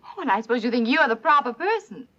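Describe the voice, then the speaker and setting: Proud young belle, haughty and indignant; dull 1930s film sound. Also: female voice, high voice, sing-song, quick pace, sharp tone, full character voice.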